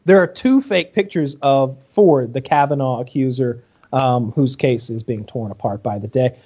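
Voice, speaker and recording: A man hosting a podcast, telling a crude story in an animated, casual way over a video call with dull lo-fi audio. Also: medium pitch, normal speed. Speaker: podcast host. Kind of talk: casual chat.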